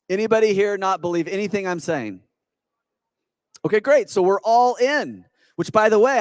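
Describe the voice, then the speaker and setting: A man giving an energetic, persuasive stage talk at a business expo, quizzing the audience with rhetorical questions. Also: sits high, no room sound. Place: conference hall with audience.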